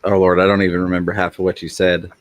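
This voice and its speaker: Low-voiced, laid-back man. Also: monotone, fast talker, a little hiss or hum. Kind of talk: casual chat.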